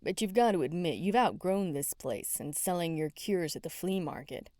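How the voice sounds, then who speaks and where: A woman's voice: on the low side, lively intonation, moderate pace, darkish tone, no echo, clean studio sound, close to an everyday voice. A woman voicing a teasing, easygoing young male police officer in an audiobook.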